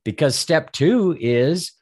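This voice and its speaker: A man's voice: a little high, animated, takes it slowly, darkish tone, no room sound, studio quality. An older man coaching financial advisors in a rambling instructional talk, often repeating words and acting out the listener's objections.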